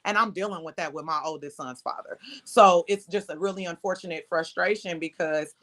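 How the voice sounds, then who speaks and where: A woman's voice: on the low side, fairly quick, a bit bright. A woman, speaking frankly and conversationally as an interview guest. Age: 30s. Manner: frank, laughs readily, conversational. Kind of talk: candid interview talk.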